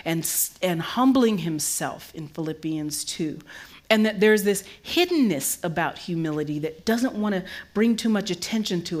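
A middle-aged woman preaching from the pulpit with a mid-pitched voice. She moves between hushed, slow reflection and lively, raised emphasis as she drives her points home. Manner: animated, rising loud and high for emphasis; drops low and slow for reflective moments. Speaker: pastor. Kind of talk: sermon.

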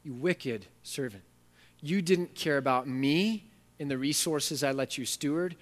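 A man's voice: fairly high pitch, unhurried, lightly acted. A man voicing God as a loving but demanding father, emphatic and fatherly. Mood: stern. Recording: long hall reverb.

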